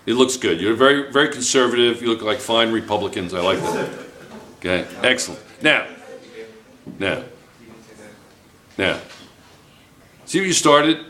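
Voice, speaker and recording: A man's voice: medium pitch, moderate pace, long pauses, pushed and bright. A man teaching chemistry to a class, playful and joking, firing questions at his students. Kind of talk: classroom lecture. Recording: echoey classroom.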